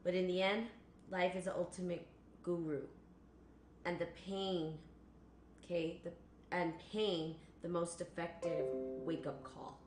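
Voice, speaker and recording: A woman's voice: on the low side, flat delivery, unhurried, long pauses, over music. Rambling woman hosting a spiritual live stream. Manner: rambling, repeats phrases, laughs, greets viewers. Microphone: computer or phone on a live stream. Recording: echoey room with faint noise.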